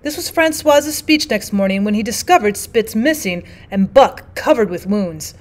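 A woman, a teacher, reading a classic novel aloud in steady, clear audiobook narration. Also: medium pitch, normal speed.

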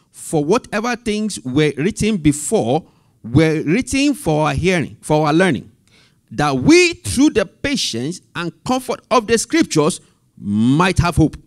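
A man teaching a Bible study, reading scripture slowly and repeating references and key phrases, asking the group for amen. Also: a little high, no echo, studio quality.

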